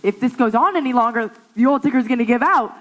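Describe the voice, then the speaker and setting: Fields: figure: a woman playing a fretful, blustery male producer. Pitch: high. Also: fast, fairly bright tone, lightly acted, poor audio. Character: anxious male producer with a weak heart. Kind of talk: stage musical acting.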